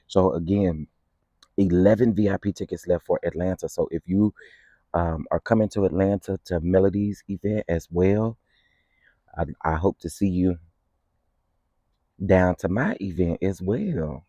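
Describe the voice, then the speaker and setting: A man chatting on a casual morning livestream, greeting his viewers one by one in a playful, sing-song way. His voice sits low and warm. The sound is dry and close. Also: unhurried, pauses often, no room sound. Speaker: livestream host. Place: outdoors in the morning.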